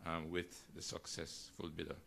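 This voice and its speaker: Emcee, very deep, forceful tone, gracious. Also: male voice, monotone, creaky, husky. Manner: measured, gracious introductions. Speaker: ceremony moderator. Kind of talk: formal ceremony hosting.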